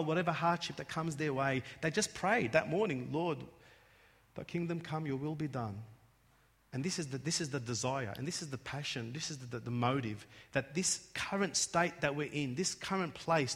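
A man preaching a sermon in church, emphatic and swelling to loud peaks, often restarting his words. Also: a little high. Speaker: pastor. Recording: long hall reverb.

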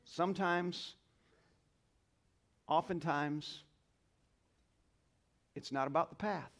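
A male pastor preaching a sermon to a congregation, leading call-and-response, swinging between quiet asides and loud exclamations. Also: on the high side, slow. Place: church sanctuary.

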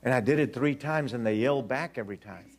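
With slight background noise behind him, a man in his sixties preaches through storytelling at a quick pace and medium pitch. He's animated, performing the characters' lines and trading jokes with the congregation.

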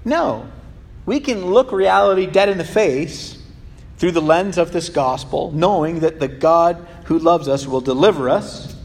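A man preaching a sermon to a congregation, animated and emphatic, and given to humorous asides. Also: sits high, measured pace. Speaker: pastor. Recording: long reverb of a large hall.

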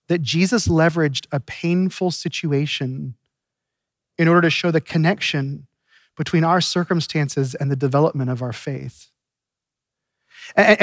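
A man's voice: sits high, fairly bright tone, no room sound, studio quality. A man preaching a sermon in an earnest, conversational way, often restarting his sentences. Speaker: pastor.

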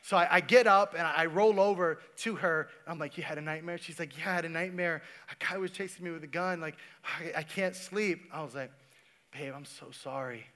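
A man's voice: high-pitched, fairly even intonation, brisk, few pauses, sharp tone. A man preaching a sermon, telling stories in a casual way and talking to the congregation. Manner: casual, storytelling, talks to the congregation. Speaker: pastor.

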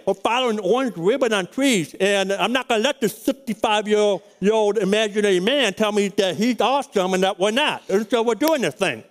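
Man, middle-aged, pastor, high voice, sermon storytelling, folksy, rambling. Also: moderate pace, few pauses. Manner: folksy and rambling, with frequent restarts.

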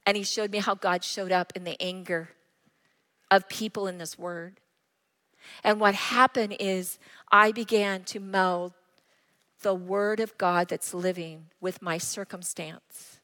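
A woman's voice: medium pitch, fairly even intonation, measured pace, sharp tone. Earnest woman pastor, reverberant church. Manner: personal, earnest storytelling with acted quotes. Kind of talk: sermon. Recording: long reverb of a church hall.

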